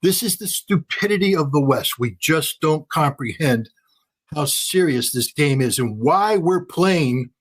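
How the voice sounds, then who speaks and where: Fast, emphatic older man commentator. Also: on the high side, expressive, slightly rough. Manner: emphatic, rapid, repetitive phrasing. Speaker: guest commentator.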